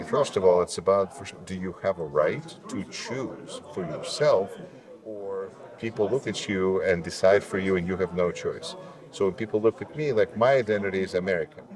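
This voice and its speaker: A Russian-born man, a native Russian speaker, with a deep announcer-like voice, speaking earnestly and reflectively as an interview guest. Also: lively intonation, normal speed, a little mellow. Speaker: guest, local elected official. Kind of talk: conversational interview.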